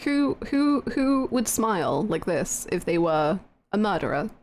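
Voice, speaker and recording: A woman's voice: mid-range voice, big pitch swings, measured pace, darkish tone. A woman streaming a video game live, chatting to viewers in a giggly, self-mocking way. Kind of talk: live gameplay commentary.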